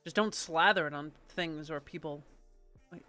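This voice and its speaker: A woman's voice: low voice, moderate pace, sharp tone, faint music behind. A woman streamer in casual live-stream chat, rambling and chatty, swearing now and then.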